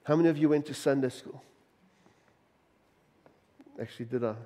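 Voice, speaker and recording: A middle-aged man preaching a sermon to his church, emphatic, firing off repeated rhetorical questions and swinging between loud and soft. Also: medium pitch, moderate pace. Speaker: pastor. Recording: long reverb of a church hall.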